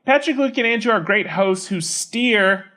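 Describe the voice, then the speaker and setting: A man's voice: sits high, expressive, moderate pace, sharp tone. A man co-hosting a podcast, playfully reading listener reviews aloud and laughing along with his friends. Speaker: podcast co-host. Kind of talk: casual podcast chat.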